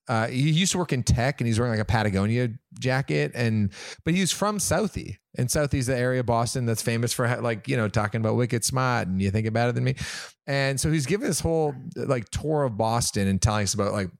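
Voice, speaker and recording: A man's voice: mid-range voice, animated, fairly quick, no echo. Guy host rambling thru a story, chatty, dry close mic. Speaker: podcast host. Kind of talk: casual chat.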